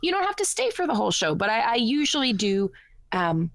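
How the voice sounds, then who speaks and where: A woman's voice: fairly high pitch, brisk, gravelly, no room sound. A Canadian woman guesting on an internet talk show, chatting casually, laughing often and poking fun at herself. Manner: laughs often, animated and self-deprecating. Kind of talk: casual chat.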